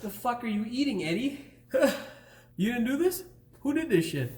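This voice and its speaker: A man's voice: extremely high pitch, sing-song, moderate pace, slightly rough. A middle-aged man hosting a car repair channel, recording voice-over takes and cursing and laughing at himself as he flubs his lines. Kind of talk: blooper reel of voice-over takes.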